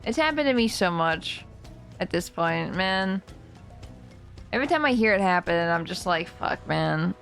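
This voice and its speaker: A woman's voice: medium pitch, lively intonation, moderate pace, pauses often, a bit bright, soft background music. A young adult woman streaming a video game, chatting casually and playfully with viewers. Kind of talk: casual gameplay commentary.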